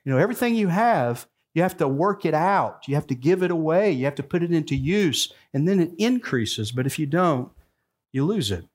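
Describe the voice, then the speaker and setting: A man's voice: on the high side, lively intonation, normal speed. A man in his sixties preaching a sermon, telling the story with acted-out dialogue and building to emphatic points. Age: 60s. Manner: storytelling preacher who acts out the dialogue, rising to emphatic peaks. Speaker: pastor.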